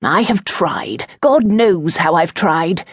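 A woman's voice: fairly low pitch, lively intonation, slow, husky, no room sound, clean studio sound, exaggerated voice. A woman narrating an audiobook, voicing an irritable, prudish aristocratic father who talks in an exasperated, imperious way. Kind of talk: audiobook character voice.

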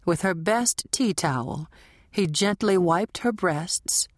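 Slow, low-voiced woman audiobook narrator. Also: lively intonation, no echo, clean studio sound. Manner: measured, dramatic, sensual. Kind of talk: scripted narration.

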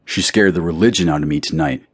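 A weary middle-aged manager, exasperated and fed up. A man reads him in his own deep voice. Dry and close, like a studio audiobook. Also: quick pace, husky, no room sound. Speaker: audiobook character.

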